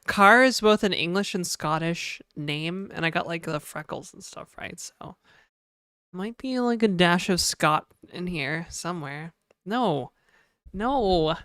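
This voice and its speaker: Canadian woman streamer, lightly accented, smooth and dry, chatty and joking. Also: on the low side, lively intonation, slow, fairly bright tone, no room sound. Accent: mild Canadian. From Canada (New Brunswick). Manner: chatty, joking, answers chat aloud. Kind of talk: casual live-stream chat.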